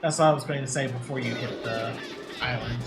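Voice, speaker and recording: A man's voice: mid-range voice, steady tone, a little fast. A man chatting casually with a streamer, giving game tips in a rambling, hesitant way full of fillers. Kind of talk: casual chat. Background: game music.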